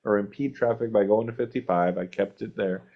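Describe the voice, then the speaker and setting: A man with a low voice hosts a podcast, telling long, meandering road stories in a relaxed, chatty way. He chuckles along as he goes, and the recording sounds dull and lo-fi. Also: a little fast. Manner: rambling anecdotal storyteller, chuckles. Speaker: podcast host. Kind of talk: casual podcast chat.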